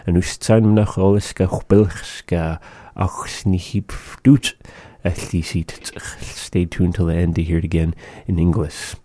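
A man hosting a radio language lesson, pronouncing phrases slowly and carefully. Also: sits low, fairly even intonation, mellow, a little hiss or hum. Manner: slow, careful pronunciation of phrases. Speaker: radio host teaching a language.

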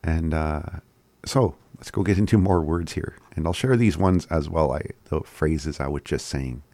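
A man giving a casual language lesson, slowly repeating words and chuckling often. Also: rumbling low, mellow, no echo. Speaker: language teacher.

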